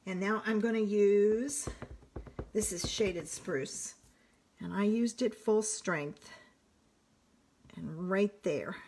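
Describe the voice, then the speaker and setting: A woman talks through her card making at an easy, slow pace, thinking aloud and correcting herself as she goes. Her pitch sits in a middle range. A faint hiss and small clicks run under her voice. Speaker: card-making demonstrator on a live stream. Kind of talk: casual live crafting demo.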